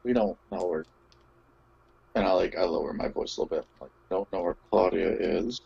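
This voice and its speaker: A man voicing a concerned adventurer pleading with a jailed friend, speaking hesitantly and restarting his sentences. His voice is low and husky, and it is captured on a dull, lo-fi mic. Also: moderate pace, warm tone, heavily acted. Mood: earnest. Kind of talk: in-character tabletop role-play.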